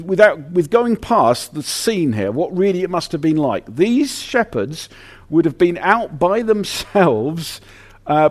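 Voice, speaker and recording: Animated male preacher, lively pitch. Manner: animated, conversational preaching with frequent restarts. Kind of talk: sermon.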